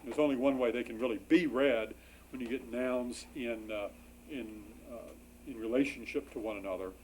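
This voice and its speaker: A man's voice: medium pitch, normal speed, a little mellow, low-quality recording. A man teaching a grammar class, explaining patiently with many fillers and restarts. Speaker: biblical Hebrew instructor. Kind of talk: classroom lecture. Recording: faint background noise.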